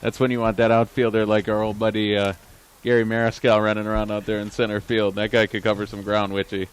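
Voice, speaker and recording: A man's voice: on the low side, flat delivery, fast talker, clear, resonant tone, rough recording. A man giving chatty, joking color commentary on a college baseball game.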